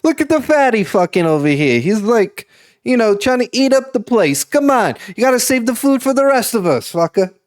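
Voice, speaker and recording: A man's voice: very high voice, big pitch swings, moderate pace, voice pushed up. A man voicing a rude, confrontational local man who mocks and swears. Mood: mocking. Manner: mocking, swearing, loud jeering.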